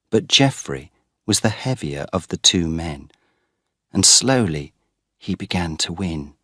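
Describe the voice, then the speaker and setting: A man reading a story in slow, clear, expressive scripted narration for English learners. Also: low-pitched, dry recording, clean studio sound. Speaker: story reader.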